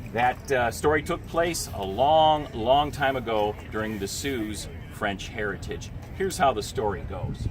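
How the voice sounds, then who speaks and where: A man telling an interactive folk tale to an audience at an outdoor event, animated and drawing listeners in. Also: medium pitch. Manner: animated, teaching the audience gestures and sounds. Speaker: historical reenactor storyteller. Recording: outdoor street and traffic noise.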